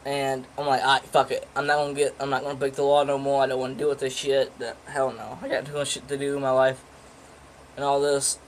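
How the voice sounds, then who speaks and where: Teen dude rambling through a story, cussing a lot, normal mid pitch, bit of faint background hiss. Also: male voice, little pitch movement, fast talker, poor audio. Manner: rambling, profane, with many fillers and restarts. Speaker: vlogger. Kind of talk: casual storytelling.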